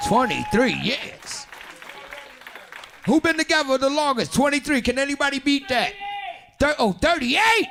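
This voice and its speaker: A man doing stand-up comedy, loud and animated, talking with the audience and putting on voices for characters. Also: extremely high pitch. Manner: talks with the audience, asks them questions. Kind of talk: stand-up crowd work. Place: comedy club stage. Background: audience laughing.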